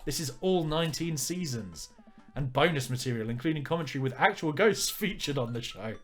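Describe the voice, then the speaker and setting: Man narrating a visual novel on stream, wry and low-key, faint music behind. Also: lively intonation, moderate pace. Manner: wry, joking asides. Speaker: let's player. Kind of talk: reading a visual novel aloud with commentary.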